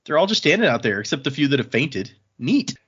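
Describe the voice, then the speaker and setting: Animated husky man recapping a book. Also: on the high side, brisk, dull audio. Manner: animated, acts out characters' lines while recapping. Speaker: podcast co-host. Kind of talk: casual book discussion.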